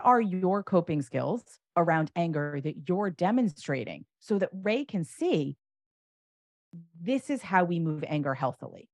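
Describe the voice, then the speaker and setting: Animated woman giving parenting advice. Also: on the low side, measured pace, no room sound, clean studio sound. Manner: animated, acts out example phrases emphatically. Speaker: parenting coach. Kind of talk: advice conversation.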